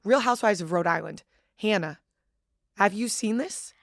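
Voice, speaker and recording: Woman host from Boston, excitable, swears a lot, mid pitch, dry close mic. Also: normal speed, creaky, no echo. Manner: chatty, swearing, excitable gushing. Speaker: podcast host. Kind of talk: casual chat.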